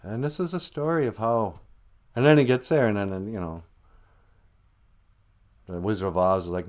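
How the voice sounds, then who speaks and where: A man talking loosely on his own livestream, wandering from thought to thought and cracking jokes as he goes. His voice sits on the low side. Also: normal speed, long pauses, darkish tone. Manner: rambling, joking, laughs often. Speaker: livestream host. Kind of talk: casual monologue.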